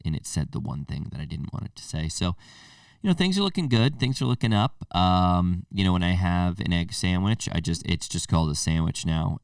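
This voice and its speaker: A low-pitched young man rambles through a casual comedic podcast monologue, swearing freely and mocking himself. The sound is dry, with the mic set a little back from him. His delivery is loose and chatty. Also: a little mellow, smooth, no echo, recorded from a distance. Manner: rambling, swearing, self-mocking, puts on silly voices for others. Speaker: podcast host.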